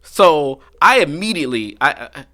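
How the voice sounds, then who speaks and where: A man hosting a podcast, telling a story in a casual, animated, slangy way with plenty of swearing. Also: a little high, moderate pace. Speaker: podcast host.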